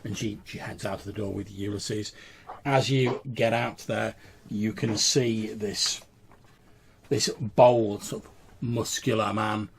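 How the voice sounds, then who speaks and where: A man's voice: fairly low pitch, fairly even intonation, slow pace, gravelly, slight background noise. A man narrating a tabletop role-playing game as game master, describing scenes with small hesitations.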